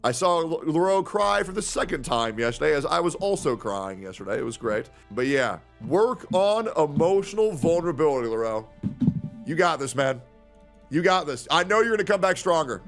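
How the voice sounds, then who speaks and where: A young man streaming in casual chat, animated and swearing freely. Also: on the high side, moderate pace, faint music behind. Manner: animated, swearing, jumps into impressions.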